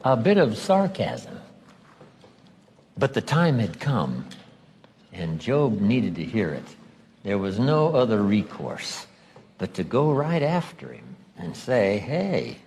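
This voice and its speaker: A man's voice: fairly low pitch, wildly swooping pitch, slow, pauses often, darkish tone, a little hiss or hum. A man giving a motivational seminar talk, emphatic, stretching out key phrases for drama. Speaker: motivational speaker.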